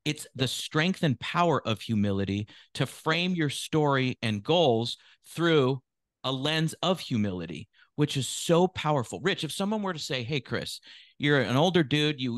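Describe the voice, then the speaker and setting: Measured male podcast host in his fifties. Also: medium pitch, lively intonation, no echo, clean studio sound. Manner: measured, reflective, builds on the guest's points. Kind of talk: casual interview talk.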